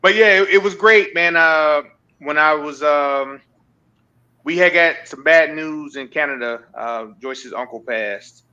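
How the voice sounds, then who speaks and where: A man with a bright, forceful voice telling road stories on a podcast. He talks in a loose, conversational way and slips into the voices of people he met. The delivery is animated and chatty. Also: a little high, a little slow, smooth, highs cut off. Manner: animated storyteller who acts out what others said. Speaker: long-distance motorcycle rider, podcast guest. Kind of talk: casual podcast storytelling.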